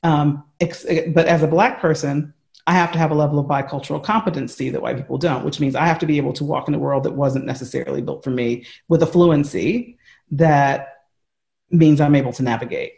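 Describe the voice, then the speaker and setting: Man with an American accent, slightly higher voice, earnest, explanatory, lots of fillers, remote call from home. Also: fairly quick, creaky, a little mellow. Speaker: interview guest.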